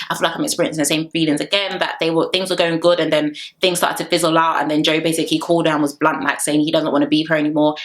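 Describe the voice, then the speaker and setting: A young woman gives casual, animated commentary on a reality TV show and often breaks into laughter. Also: lowish voice. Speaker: reality TV reviewer.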